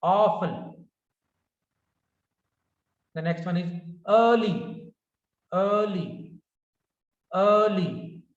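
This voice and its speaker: Slow, deliberate man drilling pronunciation. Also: high-pitched. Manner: repeats each word slowly, correcting common mistakes. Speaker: pronunciation teacher. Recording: roomy, distant, dull lo-fi sound.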